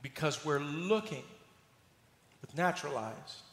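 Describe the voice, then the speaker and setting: High-voiced preacher in a reverberant hall. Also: male voice, measured pace. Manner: animated storytelling, acts out scenes with humor. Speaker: pastor. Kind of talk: sermon. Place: church sanctuary.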